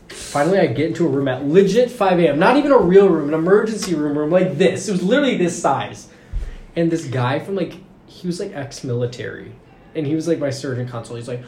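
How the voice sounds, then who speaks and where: A man's voice: on the high side, moderate pace, a little mellow. A young man telling a long story in casual chat, rambling and saying "like" constantly. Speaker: podcast guest recounting a story. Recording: roomy room with faint noise.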